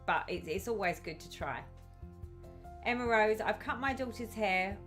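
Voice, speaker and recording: A woman's voice: medium pitch, lively intonation, moderate pace, a bit bright, faint music behind. A woman hosting a casual live stream, chatting and reading out viewers' comments with effusive sympathy.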